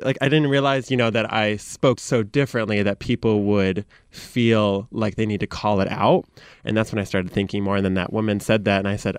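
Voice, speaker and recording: A man's voice: lowish voice, fairly even intonation, quick pace, clean tone, dry recording, studio quality. A man with a Michigan accent, a content creator, telling a casual story animatedly and acting out the voices of the people he quotes.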